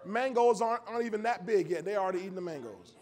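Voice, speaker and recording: High-voiced preaching man, lively and folksy. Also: very fast, a faint crowd. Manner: lively preaching, swings from loud emphasis to low storytelling; folksy, laughs often. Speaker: pastor. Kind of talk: sermon. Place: church sanctuary.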